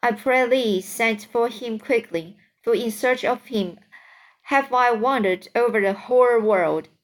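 A woman reading the part of a grieving beggar mother who pleads with her lost son, in a slow storybook reading. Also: on the high side, natural voice. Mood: pleading.

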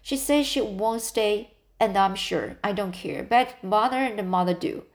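A spirited young girl, voiced by a woman reading a storybook, the heroine's best friend. She chatters in a lively, gossipy way at a slow, measured pace. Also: medium pitch, natural voice.

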